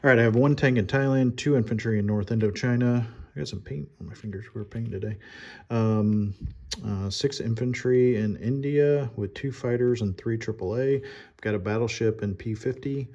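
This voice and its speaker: A man playing a board game at home, calmly talking through his turn and counting his units and money aloud. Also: medium pitch, normal speed, highs cut off. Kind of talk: casual solo board game playthrough.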